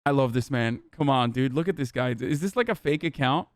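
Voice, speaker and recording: A man's voice: mid-range voice, a little fast, no echo, studio quality. A man streaming live, reading and reacting to his chat in casual, profane, sarcastic commentary. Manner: animated, sarcastic, swears often.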